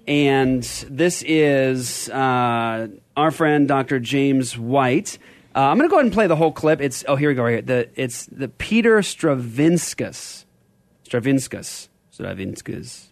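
A man's voice: mid-range voice, expressive, moderate pace, dry recording. A middle-aged man hosting a church podcast, chatting casually and rambling through appeals. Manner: rambling, restarting pleas for donations. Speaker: podcast host. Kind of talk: casual chat.

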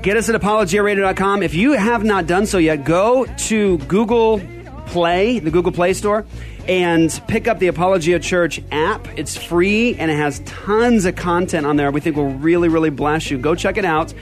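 A man's voice: high-pitched, moderate pace, soft background music. A middle-aged man hosting a church podcast, chatting casually and rambling through appeals. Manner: rambling, restarting pleas for donations. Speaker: podcast host. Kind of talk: casual chat.

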